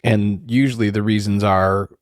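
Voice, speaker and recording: A man with a fairly low voice chats loosely on a podcast, full of fillers and quick to laugh. His voice is recorded close and dry. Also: fairly even intonation, no echo. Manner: laughs easily, loose rambling talk with many fillers. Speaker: podcast co-host. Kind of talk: casual chat.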